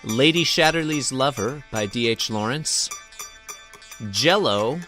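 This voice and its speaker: A man's voice: medium pitch, animated, takes it slowly, music in the background. A man hosting a comedy podcast, casual and wry, explaining a made-up game with mock authority and fancy words. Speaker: podcast host running a game.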